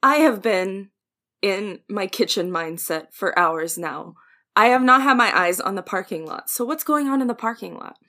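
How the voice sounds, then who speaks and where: A woman's voice: mid-range voice, lively intonation, moderate pace, bright, forceful tone. A woman playing a tabletop game, chatting casually and laughing often. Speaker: player.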